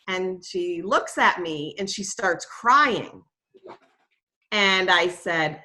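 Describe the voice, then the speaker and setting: A woman's voice: medium pitch, expressive, slow, pushed and bright. A middle-aged woman, a nature preserve educator, telling a story in a casual, chatty way, with plenty of fillers and self-corrections.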